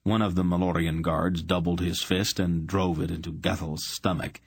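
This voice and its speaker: A man narrating an audiobook with a measured, expressive reading. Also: deep voice, gravelly, breathy edge, no room sound. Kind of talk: scripted narration.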